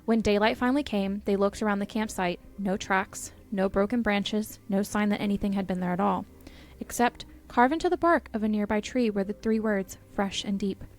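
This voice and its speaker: A woman's voice: mid-range voice, moderate pace. Female podcast co-host, dramatic storyteller with a playful edge. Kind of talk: reading spooky stories aloud.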